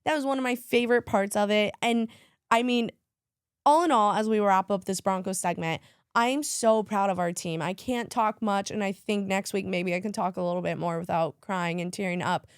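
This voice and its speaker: A woman's voice: mid-range voice, normal speed, clean tone, dry recording, clean studio sound. A woman co-hosting a casual sports podcast, gushing and tearful as she talks about her team. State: crying at times. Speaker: podcast co-host.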